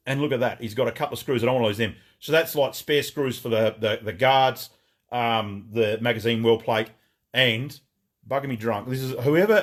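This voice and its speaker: A man hosting a live product showcase from a gun shop, excitable and rambling, swearing freely as he talks. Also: medium pitch. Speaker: gun shop owner and livestream host.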